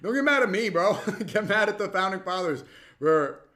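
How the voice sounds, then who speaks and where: A young man reacting to a clip with heated, mocking commentary that swings suddenly loud. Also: high voice, lively intonation, normal speed.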